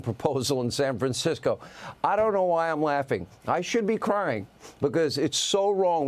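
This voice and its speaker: A male news host with a fairly high voice, delivering a sarcastic opinion monologue. He talks in punchy lists and scoffing asides.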